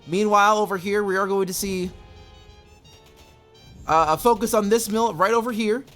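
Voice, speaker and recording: A man casting a strategy game match, excitable, often laughing and yelling advice at the players. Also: high-pitched, normal speed, soft background music. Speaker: game caster. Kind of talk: esports match commentary.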